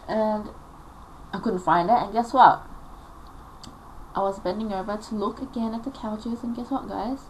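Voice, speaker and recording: A woman's voice: mid-range voice, normal speed, long pauses, a little hiss or hum, rough recording. A young woman, telling a personal story casually, rambling and emotional with many fillers.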